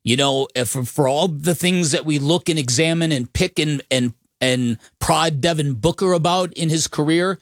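A man co-hosting sports talk radio, rambling and halting with many restarts. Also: fairly high pitch, dry recording, studio quality.

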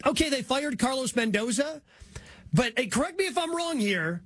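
A man's voice: very high-pitched, expressive, moderate pace, a bit bright, no room sound. A man hosting a casual sports talk show, leading the discussion. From based in Milwaukee.

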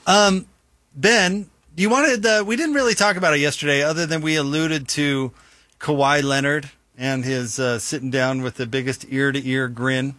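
A man's voice: a little high, normal speed, sharp tone, no room sound. A man hosting a sports radio show, chatting and joking with his co-hosts in the studio. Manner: joking, self-interrupting, playful. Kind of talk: casual sports radio banter.

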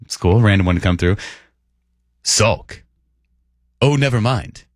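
A man's voice: lowish voice, measured pace, dry recording. A man co-hosting a morning sports radio show from a studio, joking and reading listener texts aloud in an upbeat way. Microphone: studio microphone.

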